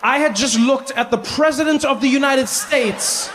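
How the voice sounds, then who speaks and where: A middle-aged man with a South African accent doing animated, self-mocking stand-up storytelling. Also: extremely high pitch, moderate pace, in a large hall, a faint crowd, slight background noise. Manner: animated, self-mocking, rising to near shouts. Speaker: stand-up comedian.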